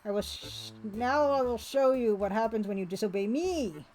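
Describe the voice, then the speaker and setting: A woman reading out a raspy, evil male villain's threats from a retro game. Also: on the high side, lively intonation, moderate pace, darkish tone, a little hiss or hum, lightly acted, poor audio. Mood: menacing. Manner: menacing, reading out game text.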